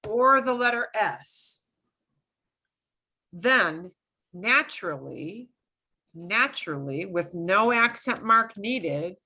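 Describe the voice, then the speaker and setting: A woman's voice: mid-range voice, expressive, slow pace, long pauses, pushed and bright. A middle-aged woman teaching a language lesson, explaining patiently with lots of repetition and emphatic examples. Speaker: Spanish teacher.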